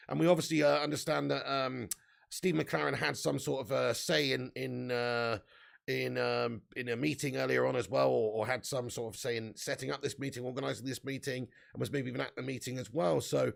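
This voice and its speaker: Gravelly chatty football streamer. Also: male voice, medium pitch. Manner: chatty, laughs often, reads out live chat. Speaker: live stream host. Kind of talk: casual live stream chat.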